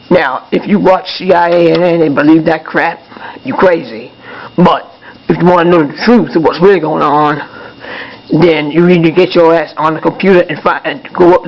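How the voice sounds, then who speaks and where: A man's voice: on the high side, dull audio, slight background noise, natural voice. A man voicing a grumpy male puppet who rants angrily in a puppet show monologue, with apologetic asides. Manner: angry ranting, apologetic asides.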